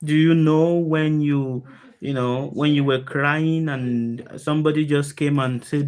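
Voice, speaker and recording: Low-voiced woman teaching with emphatic questions. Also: fairly even intonation, unhurried, a little mellow. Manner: emphatic, asks the listeners many rhetorical questions; repeats key phrases for stress. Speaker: spiritual teacher. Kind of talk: spiritual talk to an online group.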